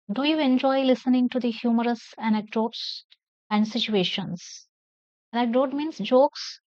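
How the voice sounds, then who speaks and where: A woman's voice: a little high, darkish tone, no echo. Woman teacher explaining a play. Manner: explains each line in simple words and spells out names. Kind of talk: classroom lesson explaining a play. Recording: dull lo-fi sound.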